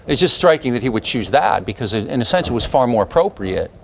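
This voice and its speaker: A man giving a university history lecture in an animated, opinionated, conversational way, full of fillers and restarts. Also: medium pitch, fast talker, creaky, a little hiss or hum. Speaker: history professor. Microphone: lecture hall recording.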